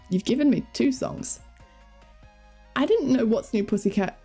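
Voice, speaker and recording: A chatty woman streamer with a fairly high, bouncy voice that leaps up and down as she talks. She giggles and rambles to chat, with faint music playing behind. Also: mellow, breathy edge. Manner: chatty and giggly, reading chat and talking to her cats. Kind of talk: casual live-stream chat.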